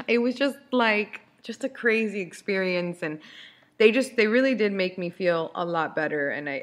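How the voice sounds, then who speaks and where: A woman in her thirties with a lowish, fairly bright voice hosts a podcast. She tells a personal story in a candid, chatty way, restarting her sentences frequently.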